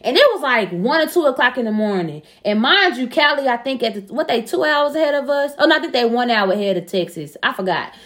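A young woman with a fairly high voice chats casually as a show co-host. She tells a personal story bluntly and profanely and acts out the quoted back-and-forth with lively energy. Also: fast talker, hardly any pauses. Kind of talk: casual chat.

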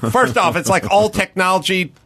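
A man in his fifties or older, hosting a casual studio talk show, telling stories in a rambling, animated way with many restarts. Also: sits high, normal speed, no echo. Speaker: podcast host. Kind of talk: casual chat.

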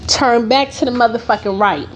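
A woman's voice: on the high side, normal speed, music in the background. A woman podcast host telling a personal story in a blunt, heavily profane, emphatic way.

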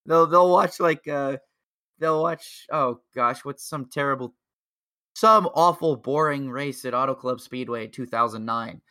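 A man co-hosting a podcast, chatting casually in a rambling way with lots of filler words and excited laughter. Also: mid-range voice, a little slow, no room sound, clean studio sound. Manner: excitable, laughs at own jokes. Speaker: podcast co-host. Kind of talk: casual chat.

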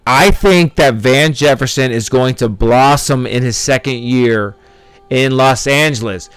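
A man's voice: medium pitch, measured pace, clean tone, no echo, soft background music, low-quality recording. A man hosting a fantasy football podcast, talking brashly and emphatically, repeating himself and swearing. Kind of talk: podcast monologue.

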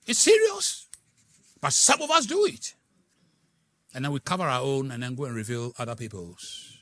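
A middle-aged male pastor preaching a sermon, swinging from soft, hushed asides to loud, dramatic exclamations. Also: mid-range voice, sing-song, normal speed.

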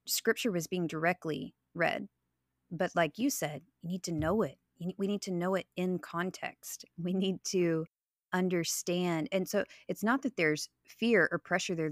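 Earnest low-voiced woman podcaster. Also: no room sound, clean studio sound. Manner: earnest, reflective, personal. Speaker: podcast co-host. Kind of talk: faith podcast conversation.

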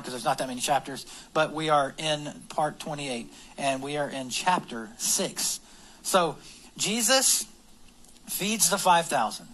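A man's voice: a little high, bright, forceful tone, rough recording. A man preaching a casual, conversational sermon, acting out quoted lines in little voices. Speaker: pastor.

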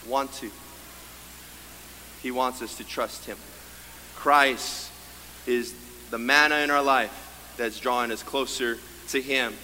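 A man preaching a sermon as pastor, animated, acting out the voices of his congregation. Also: medium pitch, slight background noise. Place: church sanctuary. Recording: long hall reverb, faint room ambience.

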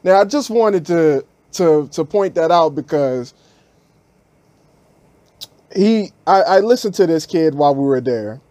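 A man's voice: fairly high pitch, unhurried, pauses often, no echo. A man hosting a podcast, telling a story in a casual, slangy way and acting out what people said. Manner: animated, acts out quotes in raised voices, slangy. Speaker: podcast host.

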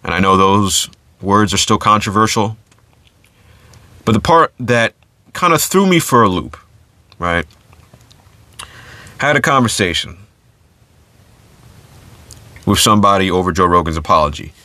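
Casual low-voiced man podcasting solo. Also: lively intonation, a little slow, long pauses, pushed and bright, no room sound. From United States. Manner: casual, conversational, many fillers and restarts. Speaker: podcast host.

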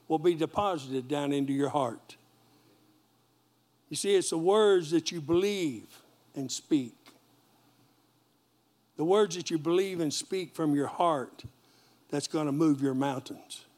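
A man's voice: fairly high pitch, measured pace, long pauses, darkish tone. A man pastor, preaching a sermon in a folksy call-and-response manner and joking with the congregation.

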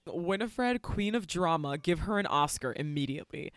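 A woman podcast co-host recapping a movie in a casual, profane, animated storytelling style. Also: on the low side, normal speed, hardly any pauses, clean tone, dry recording, clean studio sound.

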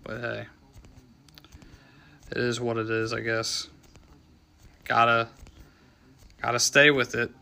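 A young man hosting a casual solo talk show, rambling and halting with many restarts, choked up and near tears. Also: medium pitch, monotone, gravelly, pushed and bright. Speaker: show host.

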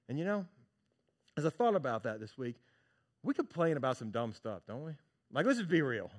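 A pastor delivering a sermon, his voice sitting a touch high for a man. He talks to the congregation like friends, then drops to a hush or climbs into loud, animated bursts. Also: fairly quick. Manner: animated preaching, swings from hushed to loud; conversational, addresses congregation as church and y'all.

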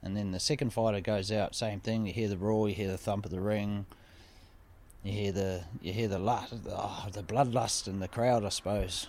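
A man's voice: lowish voice, fairly even intonation, moderate pace, darkish tone. A man telling a personal story in a casual chat, vivid and repetitive, swearing freely. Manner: vivid, swearing, repeats phrases for effect.

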